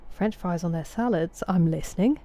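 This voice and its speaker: A woman's voice: fairly low pitch, mellow. A woman with an English Estuary accent, chatting casually with viewers while she streams a game. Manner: chatty, answers chat messages by name.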